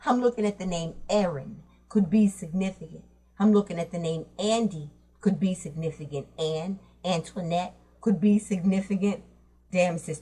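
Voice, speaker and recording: A woman's voice: lowish voice, moderate pace, dark tone. Woman, tarot reader, blunt, foul-mouthed, slangy, casual. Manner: blunt, profane, streetwise slang. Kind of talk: casual tarot reading for viewers.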